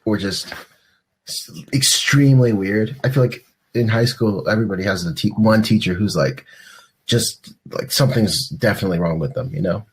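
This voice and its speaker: A man's voice: on the low side, normal speed, breathy edge. A young man co-hosting a podcast in casual chat, rambling and laughing a lot. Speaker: podcast co-host.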